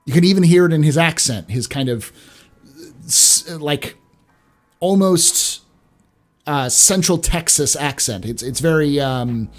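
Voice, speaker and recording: A man's voice: a little high, expressive, measured pace, long pauses. A man hosting a live stream, chatting casually and often stumbling over and repeating his words.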